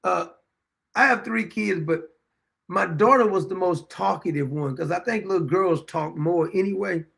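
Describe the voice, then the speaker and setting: A man's voice: high voice, normal speed, creaky, fairly bright tone. A man in his fifties hosting a show, telling folksy anecdotes in a casual monologue, chuckling often and repeating phrases for emphasis. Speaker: show host.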